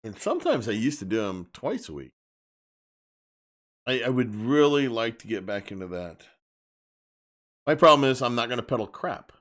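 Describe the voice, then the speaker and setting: A man's voice: mid-range voice, big pitch swings, moderate pace, pauses often, a bit bright. Blunt, emphatic male live-stream host. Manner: blunt, emphatic, repeats himself while ranting. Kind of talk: casual live-stream rant.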